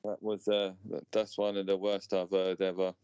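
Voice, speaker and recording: A man's voice: low voice, completely flat delivery, darkish tone, clear, resonant tone, dry recording. A man, chatting casually on a live stream and dropping "mate" between phrases. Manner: laid-back, drawn-out fillers and "mate". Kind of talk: casual chat. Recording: dull, dry home recording.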